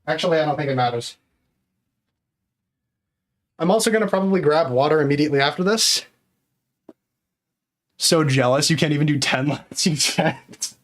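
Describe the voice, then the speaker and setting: A man's voice: a little high, moderate pace, long pauses, fairly bright tone. A man streaming live, chatting casually and counting exercise reps aloud while out of breath.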